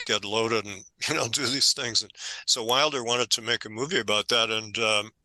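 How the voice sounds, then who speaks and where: An older man, an author being interviewed, telling stories in a conversational, animated way and growing emphatic when indignant. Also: on the low side, normal speed, no room sound, low-quality recording. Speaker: author guest.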